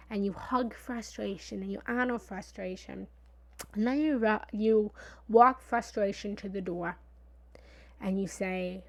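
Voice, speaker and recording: A woman giving a motivational talk in a lively, conversational way. She sometimes drops into a whisper for emphasis and repeats phrases playfully. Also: mid-range voice, a little slow. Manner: repetitive, playful analogies. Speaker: motivational speaker.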